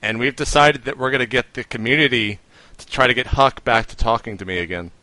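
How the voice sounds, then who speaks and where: A man's voice: medium pitch, brisk, bright, forceful tone, dry recording. A young man hosting a podcast in easygoing, joking casual chat. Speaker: podcast host.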